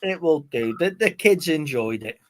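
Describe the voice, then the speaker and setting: A man's voice: on the high side, expressive, normal speed, a bit bright. A man, co-hosting a live stream in casual, rambling chat full of fillers and stories. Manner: chatty, rambling storyteller with frequent fillers. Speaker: co-host of a movie live stream.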